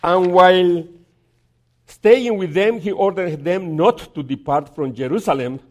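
A man preaching a sermon, telling a story and reading scripture aloud, with halting repeats and dramatic pauses. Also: high voice, darkish tone. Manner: reads scripture aloud slowly.

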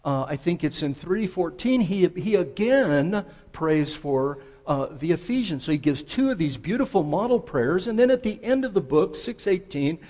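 Conversational male preacher, slightly high voice. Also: darkish tone. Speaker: pastor. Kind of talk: sermon.

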